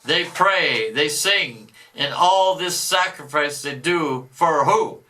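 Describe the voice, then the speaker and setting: A boastful, spiteful devil sneers and gloats in a read-aloud rant, as a man lends him his voice. The tone is fairly high for a man and piercingly bright, with a tense, forceful edge. Each line comes out declaimed and scornful rather than fully acted. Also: slow, poor audio. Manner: declaimed reading with mocking outbursts. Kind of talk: dramatic reading aloud.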